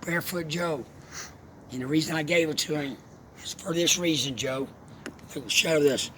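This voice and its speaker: Heartfelt rambling man. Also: on the high side. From Alabama. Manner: rambling, heartfelt, halting restarts. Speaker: vlogger. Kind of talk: emotional personal storytelling. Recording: steady background noise, vehicle sounds.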